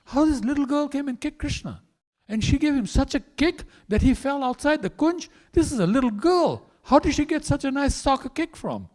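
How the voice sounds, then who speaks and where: A man's voice: extremely high pitch, expressive, moderate pace, a little mellow, pitched above the performer's own voice. A man voicing a crowd of astonished forest onlookers gossiping about a shocking kick.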